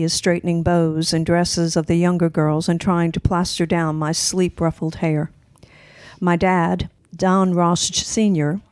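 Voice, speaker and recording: A woman author reading her own memoir story aloud, measured, slowing over descriptive passages. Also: on the low side, darkish tone, no echo.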